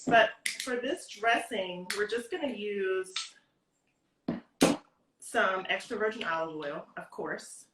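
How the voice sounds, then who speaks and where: A woman's voice: medium pitch, slow, reverberant, distant mic, heavy background noise. A woman giving a casual cooking demonstration over a video call from her home kitchen, explaining tips step by step in a chatty way. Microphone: video call, stepping back from the device.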